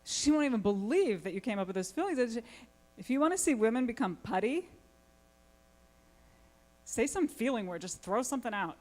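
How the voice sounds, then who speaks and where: Animated woman speaker quizzing her audience. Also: a little high, normal speed. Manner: animated, asks the audience many questions. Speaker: conference speaker, family therapist. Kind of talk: lively conference talk to an audience. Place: conference hall.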